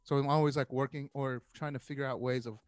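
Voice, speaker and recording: A man's voice: medium pitch, fast, no room sound. A man in his thirties casually telling a story in a podcast chat, acting out what people said and laughing often. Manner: animated storyteller, acts out quotes, laughs often.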